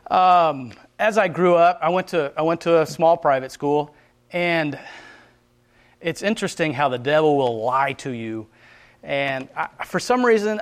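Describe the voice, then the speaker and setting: A man telling his personal faith testimony in an earnest, rambling way, often stopping to restart and acting out prayers as quotes. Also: fairly high pitch. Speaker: Christian speaker sharing his testimony.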